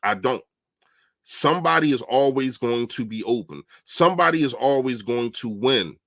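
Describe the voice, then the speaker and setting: A man's voice: mid-range voice, expressive, moderate pace, a bit bright, no echo. A young man on a casual football livestream, chatting animatedly and answering viewers' comments. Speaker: livestream host. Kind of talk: casual live-stream football talk.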